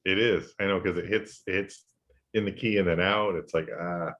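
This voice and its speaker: A man's voice: sits low, fairly even intonation, normal speed, fairly bright tone, muffled recording. A man co-hosting a podcast, chatting casually about music in an easygoing way and trailing off with fillers.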